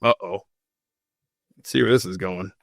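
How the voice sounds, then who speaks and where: A man's voice: low voice, moderate pace, vocal fry, fairly bright tone, no echo, clean studio sound. A man hosting a podcast in an unscripted, casual way, drifting off topic into self-mocking asides while reading out history. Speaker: podcast host.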